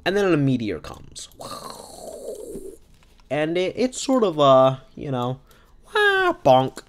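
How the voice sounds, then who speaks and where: A man's voice: on the high side, big pitch swings, slow. Rambling man improvising a silly story. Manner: rambling, silly, self-correcting. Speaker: podcast host.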